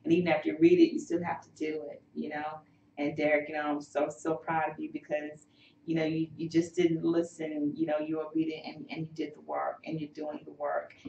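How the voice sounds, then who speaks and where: A woman's voice: deep voice, completely flat delivery, fairly quick, creaky, warm tone, slight background noise. A woman hosting a health show, talking in an encouraging, faith-filled way with many fillers. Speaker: host. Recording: roomy, distant, dull sound.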